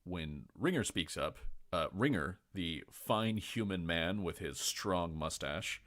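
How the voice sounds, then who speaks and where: A man narrates as game master of a tabletop game. His voice is very low. He rambles and halts, circling back as he describes scenes. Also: animated, a bit bright. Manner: rambling, halting narration with many fillers.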